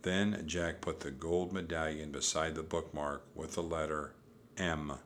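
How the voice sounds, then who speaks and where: Man, audiobook narrator, very deep voice, bright forceful tone, steady storytelling. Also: measured pace, a little hiss or hum.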